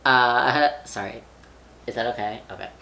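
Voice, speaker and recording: Gravelly, bright young man chatting. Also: mid-range voice, unhurried. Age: young adult. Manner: rambling, filler-heavy, swears casually. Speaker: vlogger. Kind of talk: casual chat.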